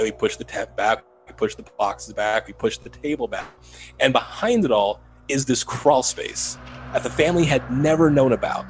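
A man who works as a paranormal investigator, telling the story of a haunting in an animated, building way in an interview. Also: mid-range voice, slightly rough, poor audio. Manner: animated retelling, rising to loud urgency.

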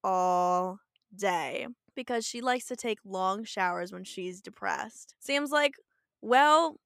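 A woman's voice: medium pitch, takes it slowly, gravelly, a bit bright, dry recording, clean studio sound. A woman co-hosting a casual rewatch podcast, laughing often and recapping episode plots. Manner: giggly, recaps the plot. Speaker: podcast co-host.

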